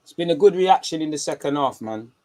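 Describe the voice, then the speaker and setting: A young man hosting a live football watchalong, talking in slang and swinging from low muttering to excited shouts. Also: brisk. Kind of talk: live match reaction commentary.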